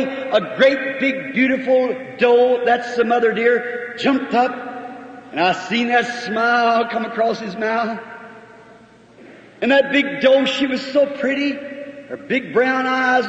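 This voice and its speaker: A man's voice: very high-pitched, a bit bright. A man preaching a sermon, telling a story in an earnest, folksy way with emotional emphasis. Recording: echoey old hall recording from far off, dull.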